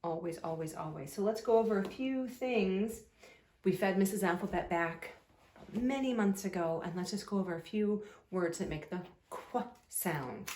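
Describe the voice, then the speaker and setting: A woman teacher giving a slow, sing-song phonics lesson to young children, drawing words out patiently. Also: mid-range voice, warm tone, reverberant, slight background noise.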